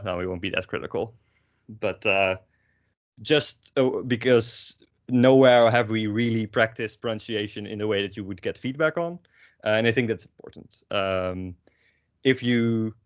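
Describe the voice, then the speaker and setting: Young man teaching over a muffled call. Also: lowish voice. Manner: wry, hesitant, many ums and uhs. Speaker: language teacher. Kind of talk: online class explanation. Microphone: video call. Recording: slightly muffled call audio.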